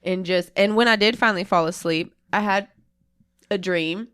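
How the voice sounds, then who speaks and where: A woman's voice: medium pitch, moderate pace, a bit bright, clear, resonant tone, no echo. A woman co-hosting a casual podcast chat, talking candidly in a rambling way and often cutting off her own sentences. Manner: rambling, self-interrupting, candid. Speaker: podcast co-host.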